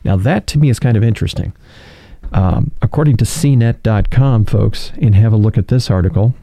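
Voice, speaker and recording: Dark-voiced sarcastic male commentator. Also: lowish voice, brisk, dry recording, clean studio sound. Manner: incredulous, sarcastic, addresses viewers as folks; reads news quotes aloud. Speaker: political commentary host. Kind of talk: casual political commentary.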